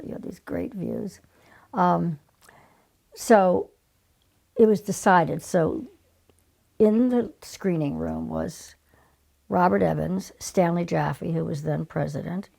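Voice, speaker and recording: An older woman, a casting director, telling stories in an interview, animated and acting out the people she quotes. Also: on the low side, takes it slowly, creaky, long pauses. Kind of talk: casual interview storytelling.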